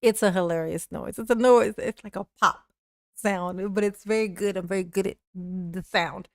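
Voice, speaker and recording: A woman's voice: medium pitch, fairly even intonation, normal speed, dry recording, studio quality. A woman streaming live commentary, mocking the clips she plays, laughing often and answering her viewers' chat. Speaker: streamer reacting to court clips. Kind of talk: livestream commentary.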